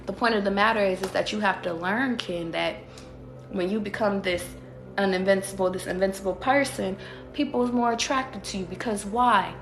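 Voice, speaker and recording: In an echoey space with faint music underneath, a female tarot reader cheers on her livestream audience in an informal way. Her medium-pitched voice stays fairly level at a normal speed, though her words are emphatic, full of profanity and rhetorical questions.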